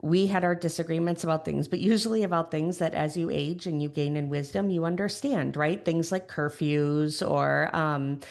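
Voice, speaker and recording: A middle-aged woman with a Chicago accent talks as a podcast guest. Her voice sits low and carries a gravelly, creaky edge. She speaks thoughtfully, restarting sentences as she searches for the right words. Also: normal speed, hardly any pauses, a little mellow. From Chicago area, USA. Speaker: podcast guest, grief educator. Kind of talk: reflective conversational interview.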